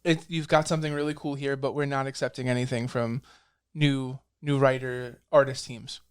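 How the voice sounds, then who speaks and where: A comic book writer in a casual interview, telling lively stories and acting out the people he quotes. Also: medium pitch, normal speed, clean tone. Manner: animated storyteller, acts out quoted dialogue.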